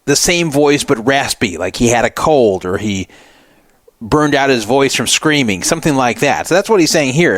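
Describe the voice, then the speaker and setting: A man's voice: mid-range voice, expressive, a little fast, dry recording. A man hosting a radio show, giving rambling, conversational commentary on the news. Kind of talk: casual commentary.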